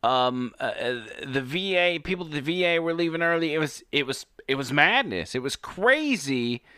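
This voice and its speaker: A man hosting a casual political talk show, speaking emphatically with halting restarts into a studio microphone. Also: a little high, animated, pushed and bright, clean tone, no room sound.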